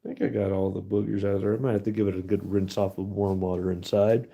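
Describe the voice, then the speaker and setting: Low gravelly man, hoarse from the cold. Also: flat delivery, fast, mellow. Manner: chatty, laughs often, addresses viewers as guys. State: losing his voice, cold. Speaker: livestream host. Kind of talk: casual live-stream commentary. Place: outdoors at night in the cold.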